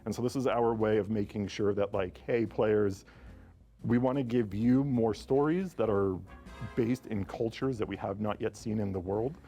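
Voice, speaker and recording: A man presents new game content with enthusiasm, explaining each feature in turn. Soft music plays faintly behind his voice. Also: on the low side, normal speed. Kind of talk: promotional presentation.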